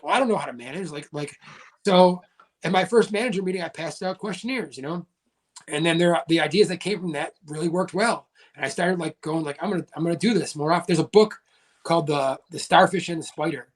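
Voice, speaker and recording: Chatty higher-voiced man telling a story. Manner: rambling, many "like" fillers. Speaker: podcast guest. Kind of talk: casual storytelling chat.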